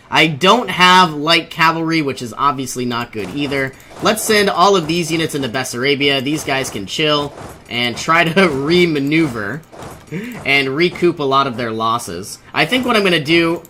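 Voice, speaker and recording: A man's voice: on the high side, pushed and bright, a little hiss or hum. A young man giving casual commentary over his own strategy game, thinking aloud, often exasperated and laughing. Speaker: let's play host.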